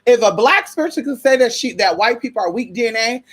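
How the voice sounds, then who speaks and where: A young American woman, a spiritual vlogger, goes on a casual opinion rant, sassy and profane, calling listeners "honey" and "girl." Her voice sits on the high side, husky, with lively intonation and a quick pace.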